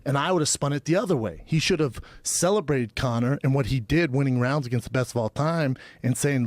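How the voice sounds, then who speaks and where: A man's voice: mid-range voice, brisk, few pauses, dry recording. A man in his thirties, a podcast co-host, telling a story in casual chat and acting out the quoted back-and-forth. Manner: animated, acts out quoted exchanges.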